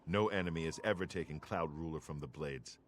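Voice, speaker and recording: A deep-voiced dutiful knight guard. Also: male voice, a little fast, slight background noise. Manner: respectful, formal. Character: loyal male knight guard, formal and dutiful. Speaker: game character.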